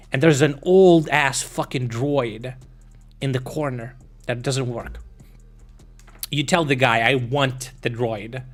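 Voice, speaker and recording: Guy streaming and rambling, swears a ton, mid-range voice, lots of ums. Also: medium pitch. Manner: profane, meandering, full of fillers and restarts. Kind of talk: rambling casual stream chat.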